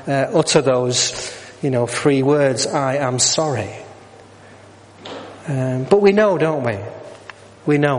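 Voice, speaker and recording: Preacher in an echoing church. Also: male voice, on the high side. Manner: jokey, asks the congregation questions. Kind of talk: sermon. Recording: long hall reverb.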